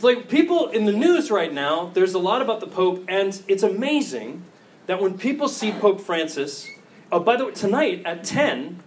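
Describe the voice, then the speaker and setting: Priest, 40s, slightly higher voice, jokey lively talk to students, faint hum behind. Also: male voice, distant mic. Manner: animated, jokey, laughing asides. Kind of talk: casual talk to college students. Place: campus ministry gathering.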